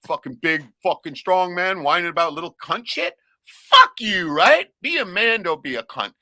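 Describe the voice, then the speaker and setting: A middle-aged man ranting crudely and loudly on a casual livestream, a few beers in. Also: sits high, very animated, normal speed, no echo, clean studio sound. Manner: profane, rowdy, loud ranting. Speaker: livestream host.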